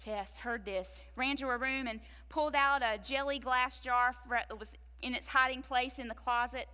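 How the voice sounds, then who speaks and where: A woman preacher telling a story in her sermon, slowing down to stress key words. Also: high voice, steady tone, sharp tone, big-room sound. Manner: storytelling, slows for emphasis.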